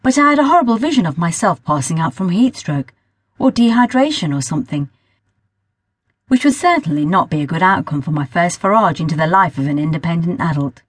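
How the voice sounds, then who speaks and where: A woman narrates a first-person story for an audiobook at a measured pace. Her voice has a soft husky edge. It is recorded on a close mic in a dry, dead room. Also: fairly low pitch, lively intonation, no echo. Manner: measured storytelling, sometimes rereading a line.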